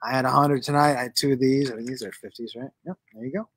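A middle-aged man hosting a casual live show while high, talking in a loose, giggly, rambling way. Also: steady tone, fast talker, background noise. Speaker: host.

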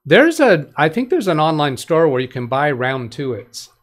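A man's voice: fairly high pitch, sing-song, normal speed. A man hosting a live tech help stream. He reads viewer comments aloud in a rambling way, corrects himself often, and gives plain practical advice. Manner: rambling, with frequent self-corrections and restarts.

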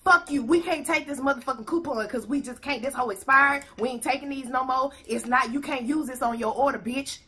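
A woman's voice: high-pitched, a little fast, few pauses, pushed and bright, voice pushed up. A woman voicing a crude, rude store clerk in a mocking, brash way.

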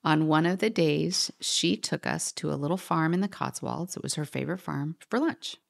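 Middle-aged woman guest telling a story, low voice with some fry, acts out the quotes. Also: normal speed. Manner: animated storyteller, quoting others, laughing, dropping to whispers. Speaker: podcast guest. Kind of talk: storytelling in conversation.

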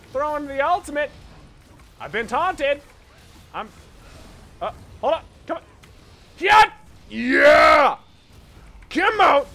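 Young man, gaming commentary, high bright voice, mutters then yells, profane and boastful. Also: slight background noise. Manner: swings from low mutters to loud triumphant yelling; profane, boastful, self-mocking. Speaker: gaming streamer. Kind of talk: excited gameplay commentary.

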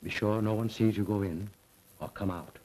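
A man playing a low-voiced worried father. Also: steady tone, normal speed, warm tone, lightly acted, rough recording. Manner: anxious, guarded. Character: worried middle-aged father, secretive. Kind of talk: 1930s film acting.

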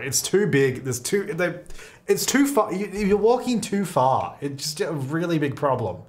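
A young man casually commentating a life-simulation game, animated and exasperated, laughing often. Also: mid-range voice. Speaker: gaming video host. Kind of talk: casual let's-play commentary.

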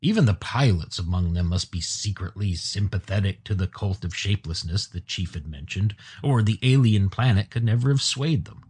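A man narrating an audiobook in a steady storytelling manner. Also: on the low side, moderate pace, hardly any pauses, husky.

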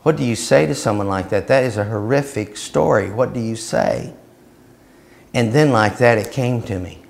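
A man teaching a Christian seminar and telling a story, growing loud and animated as he acts out what he said. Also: on the low side, gravelly. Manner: storytelling, growing loud and animated when acting out his reply. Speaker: preacher.

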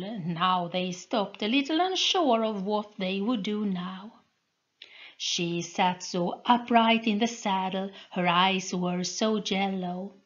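A woman narrates a fantasy novel chapter by chapter, reading slowly and with care. Her voice sits in a middling pitch and never hurries. The recording sounds dull and lo-fi. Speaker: audiobook reader. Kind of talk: storybook reading.

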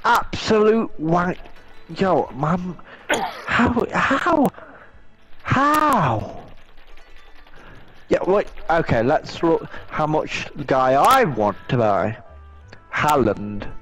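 Brief: young guy, blunt sweary gamer rant, slightly high voice. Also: sing-song, very slow, long pauses, fairly bright tone, soft background music, poor audio. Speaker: gaming vlogger. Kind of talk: casual chat while playing a video game.

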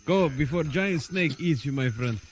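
Streamer man doing a brash pirate in a put-on foreign accent, pitched up and loud. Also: animated, normal speed, slight background noise, natural voice. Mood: warning. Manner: mock foreign accent, exaggerated. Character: blustering improvised pirate man, territorial.

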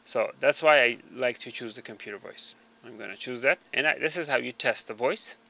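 Male tutorial voice-over, hesitant with many fillers, bright mid-pitched tone, small desk mic. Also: brisk, creaky. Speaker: tutorial narrator. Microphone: small desk microphone.

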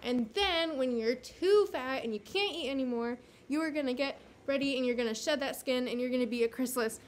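A high-pitched woman leads a children's lesson at home, gentle and encouraging as she talks to the camera. Now and then she loses her place and backtracks. A faint hum of room noise sits behind her. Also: a little fast. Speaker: teacher. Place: home with a carpet.

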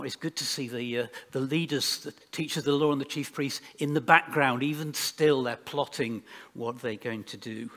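A man preaching a sermon in a church, reading scripture aloud in a measured way with pauses. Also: mid-range voice, a bit bright. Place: church hall. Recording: long church hall reverb.

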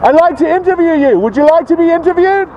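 A man's voice: very high-pitched, lively intonation, quick pace, highs cut off. A man filming protesters on a street, goading and insulting them in a mocking, confrontational way. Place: outdoors on a busy street by a protest. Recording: outdoor street with traffic noise.

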